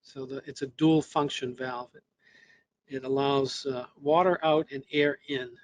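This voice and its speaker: A man's voice: mid-range voice, fairly even intonation, measured pace, dry recording. A man presenting a technical webinar lesson, explaining step by step with fillers and restarts, his voice a little worn. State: losing his voice.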